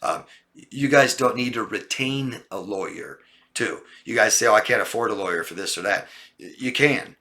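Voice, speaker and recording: Speaking at a normal speed in a voice on the low side, a man gives laid-back relationship coaching and responds to viewers' questions. He's animated, frequently playing out exasperated conversations and imitating people's frustrated voices.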